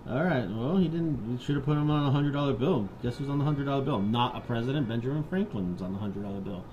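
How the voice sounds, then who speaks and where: Male podcast co-host, crude comic banter, average pitch, faint noise. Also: lively intonation, fast, a little mellow, lo-fi sound. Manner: crude, joking, laughs often. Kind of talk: casual comedic chat and reading.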